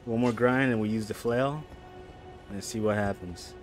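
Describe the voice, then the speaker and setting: A man streaming a game live, chatting casually and rambling between loud, excited reactions to the play. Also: on the low side, normal speed, over music. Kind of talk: casual live gameplay chat.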